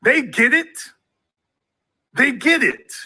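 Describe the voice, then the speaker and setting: Forceful high-voiced male talk-show host. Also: expressive, takes it slowly, husky. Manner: forceful, repetitive preaching delivery. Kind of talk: call-in political talk show.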